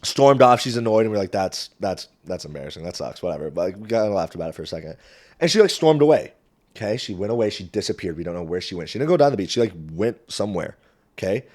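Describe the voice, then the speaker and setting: A young man hosting a podcast, telling a story in a casual, animated way and swearing freely. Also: lowish voice, racing. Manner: animated, swearing, jumps into quoted voices. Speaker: podcast host. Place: small warm room indoors. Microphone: camera mic, solo recording.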